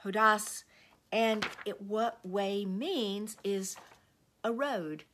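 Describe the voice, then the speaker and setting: A spiritual director, she leads a devotional teaching woven with spoken prayer, earnest and slow-paced, often sinking to near silence. Her voice sits a little high and is expressive.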